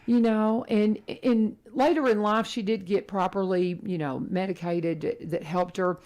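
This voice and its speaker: A woman's voice: medium pitch, fairly even intonation, a little slow. Chatty woman radio host. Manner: chatty, rambling, warm-hearted with frequent restarts. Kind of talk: casual radio chat. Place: radio studio. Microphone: studio microphone.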